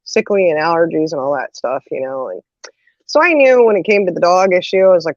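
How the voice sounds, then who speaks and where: A woman's voice: lowish voice, a little fast, no room sound. A woman in a casual chat telling a funny family story, laughing and acting out quotes. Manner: animated, laughs often, acts out quotes. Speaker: host. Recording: dull lo-fi audio.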